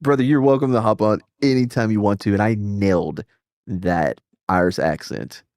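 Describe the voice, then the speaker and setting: A man's voice: fairly low pitch, moderate pace, dry recording, studio quality. A man hosting a livestream, chatting casually with friends, joking and swearing. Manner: animated, profane, joking. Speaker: streamer host. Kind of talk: casual group chat on a livestream.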